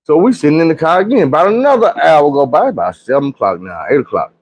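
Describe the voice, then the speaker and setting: Animated profane male storyteller from Arkansas. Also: a little high, quick pace. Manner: animated, acts out quoted voices, profane slang. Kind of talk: casual storytime.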